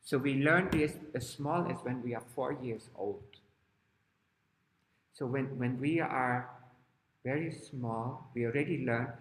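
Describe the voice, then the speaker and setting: An older man teaches teenagers through a story, explaining gently and animatedly. He speaks at an unhurried pace. The sound is roomy, with a long hall reverb. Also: medium pitch, slight background noise. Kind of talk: storytelling lesson to teens.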